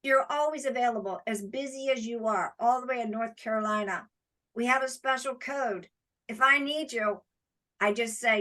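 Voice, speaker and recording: A woman's voice: high voice, animated, moderate pace, sharp tone. A woman presenting an award over a video call, giving effusive praise with emphatic repetition.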